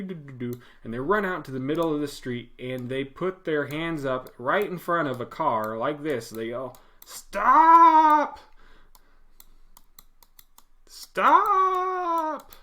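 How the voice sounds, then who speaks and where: Animated man teaching a coding lesson. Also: medium pitch. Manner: animated, acts out commands in a loud put-on voice. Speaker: web development instructor. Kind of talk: casual screen-share coding lesson.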